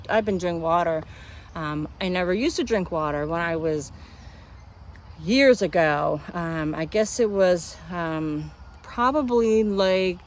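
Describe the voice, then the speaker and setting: A woman's voice: on the low side, a little hiss or hum. A woman vlogger talking casually and venting, acting out what other people said to her. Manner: chatty, animated, acts out others' lines. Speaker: homestead vlogger.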